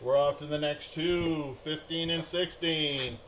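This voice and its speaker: Man, middle-aged, card break host, chatty and rambling, slightly high voice, unhurried. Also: fairly even intonation, a bit bright, slight background noise. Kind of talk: live-streamed card break chat.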